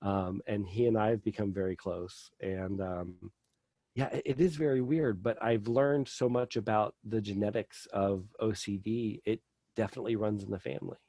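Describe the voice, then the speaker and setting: A man's voice: on the low side, steady tone, normal speed, mellow, no room sound. A middle-aged man telling a personal story as a podcast guest, rambling with lots of fillers.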